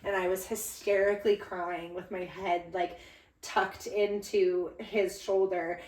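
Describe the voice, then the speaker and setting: A woman's voice: mid-range voice, flat delivery, takes it slowly, a little mellow, far from the mic. A young woman co-hosting a podcast, telling a story in a gushing, casual way with lots of fillers. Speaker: podcast co-host. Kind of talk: casual chat. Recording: echoey room, voice a bit off-mic.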